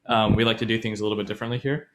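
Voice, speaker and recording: A man's voice: lowish voice, fairly even intonation, rapid-fire, very noisy. A man co-hosting a casual podcast, explaining grammar in a loose, rambling way with many fillers, self-corrections and frequent laughs. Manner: laughs often.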